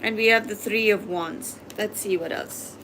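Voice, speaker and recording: A woman reads tarot cards live in a mid-pitched voice, speaking straight to her viewers and pressing them with repeated questions. The recording carries a faint hum of background noise. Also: normal speed. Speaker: tarot reader. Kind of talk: live tarot reading and coaching.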